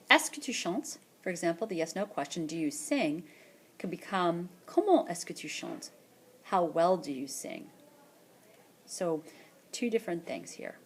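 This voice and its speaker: Lower-voiced woman teaching French. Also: darkish tone, slight background noise. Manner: explains patiently, repeats French words slowly for practice. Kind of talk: screencast lesson narration. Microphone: tablet or headset mic for screencast voice-over.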